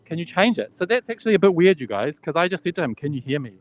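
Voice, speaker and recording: A man's voice: high-pitched, big pitch swings, racing. Chatty man touring an expo hall. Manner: chatty, laughs easily, thinks aloud. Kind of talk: casual live walking tour. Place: huge indoor expo hall.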